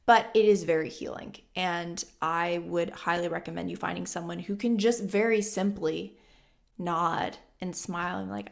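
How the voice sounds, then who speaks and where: A woman's voice: lowish voice, steady tone, moderate pace, gravelly. Blunt, emphatic woman in her twenties. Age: 20s. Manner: emphatic and blunt, repeats lines for stress. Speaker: vlogger. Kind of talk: casual self-help talk to camera.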